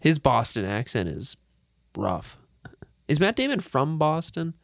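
A man's voice: fairly high pitch, sing-song, unhurried, vocal fry, dry recording, clean studio sound. A man co-hosting a casual movie review podcast, easygoing, often trailing off and hedging his points. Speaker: podcast co-host.

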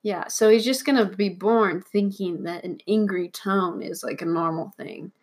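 A young woman co-hosting a casual podcast, telling stories in a relaxed, matter-of-fact way. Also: mid-range voice, normal speed. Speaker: podcast co-host. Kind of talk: casual chat.

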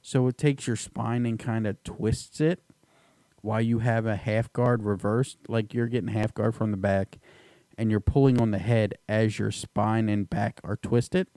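A man co-hosting a podcast, talking excitedly about a fight, swearing and laughing often. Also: fairly low pitch, measured pace, dry recording. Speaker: podcast co-host. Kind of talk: casual chat.

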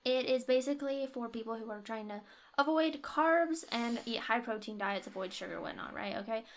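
A woman's voice: a little high, normal speed, slight background noise. A young woman co-hosting a podcast, chatting casually and reviewing a product with strong opinions and frequent laughs. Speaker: podcast co-host.

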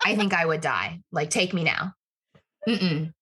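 A young woman chatting casually, bubbly and quick to laugh. Her voice sits a little low and has a husky, breathy edge. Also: expressive, fairly bright tone. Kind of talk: casual chat.

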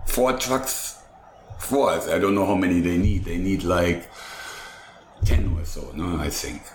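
Older male chef, low voice, talks in long enthusiastic rambles, recorded in an echoey room with faint ambience. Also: a little slow, slight background noise. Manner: rambling, enthusiastic, lists dishes step by step. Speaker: food truck owner and chef. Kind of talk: casual interview chat. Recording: roomy echo with faint ambience.

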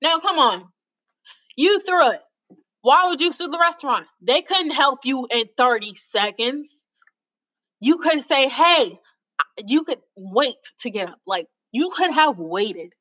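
A woman's voice: high voice, animated, unhurried, sharp tone, poor audio. A woman hosting a casual video, reading out stories and commenting on them in a mocking, exasperated way, sometimes stumbling over the text. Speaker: host reading out lawsuit stories.

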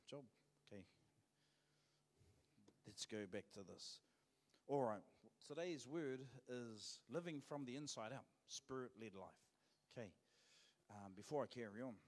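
A man's voice: mid-range voice, big-room sound. A man with a New Zealand accent, preaching a sermon as pastor in a joking, conversational way. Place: church.

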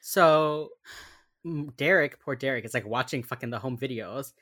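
A young woman co-hosting a casual chat, recapping a TV episode and acting out quotes with sudden loud bursts. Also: extremely low pitch, normal speed. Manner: chatty, acts out quotes with sudden yells. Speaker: podcast co-host recapping a TV episode.

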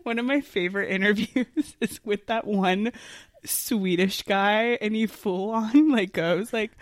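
A woman's voice: medium pitch, unhurried, dry recording, studio quality. A woman co-hosting a podcast, chiming in playfully with laughing remarks. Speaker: podcast co-host. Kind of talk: casual chat.

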